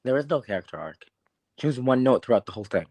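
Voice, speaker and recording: A man's voice: mid-range voice, expressive, quick pace, a little mellow, no echo. A man co-hosting a podcast, ranting in a frustrated, rambling way and repeating that he doesn't know. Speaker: podcast co-host. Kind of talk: casual movie review chat.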